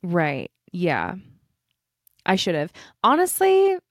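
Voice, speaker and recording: A young adult woman co-hosting a podcast, telling a rambling story in casual chat, stopping and restarting herself with quick laughs. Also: lowish voice, wildly swooping pitch, no echo, studio quality. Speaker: podcast co-host.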